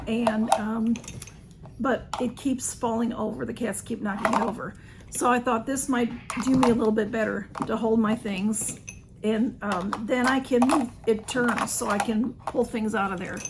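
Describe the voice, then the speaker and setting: A woman chatting through a shopping haul at home, rambling and a little hoarse. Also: fairly high pitch, a little hiss or hum. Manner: chatty, rambling, talks to her cats. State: slightly hoarse. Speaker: vlogger reviewing a shopping haul. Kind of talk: casual haul video chat.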